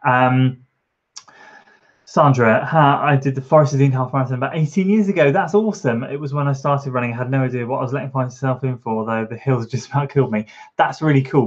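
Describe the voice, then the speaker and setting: A man's voice: medium pitch, muffled recording. A man chatting casually on a live stream from his home kitchen, reading out and answering chat comments, encouraging and rambling with fillers.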